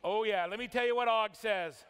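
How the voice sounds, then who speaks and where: A man's voice: high-pitched, normal speed, fairly bright tone, clean tone. A man from Utah giving an emphatic keynote speech at a conference, telling a story and dropping his voice for dramatic moments. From Utah, USA. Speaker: motivational speaker. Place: large conference hall. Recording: long hall reverb.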